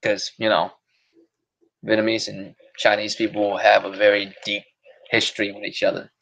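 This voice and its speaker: A man's voice: on the low side, completely flat delivery, moderate pace, gravelly, a bit bright. A man hosting a podcast stream, chatting casually in a rambling, profane way and laughing often. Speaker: podcast host. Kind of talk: casual solo stream chat.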